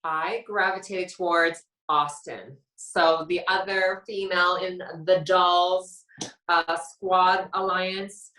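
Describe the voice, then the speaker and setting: A woman's voice: lowish voice, fairly even intonation, slow, bright, forceful tone. A woman from Canada, a guest telling her story with drama and acting out who said what. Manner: dramatic, acts out quotes of herself and others. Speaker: reality show contestant guest. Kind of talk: animated storytelling interview. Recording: roomy echo, distant from the mic.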